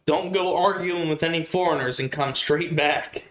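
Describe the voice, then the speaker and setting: A man's voice: a little high, normal speed, a bit bright, pitched above the performer's own voice, natural voice. A man voicing an older hobbit farmer's wife who fusses and scolds as she calls out, in an echoey room. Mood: scolding. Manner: scolding, calling out.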